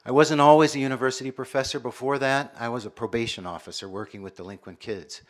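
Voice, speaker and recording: An American man in his sixties, a university professor giving a public lecture with measured storytelling. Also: mid-range voice, steady tone. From United States. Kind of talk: public lecture with personal stories.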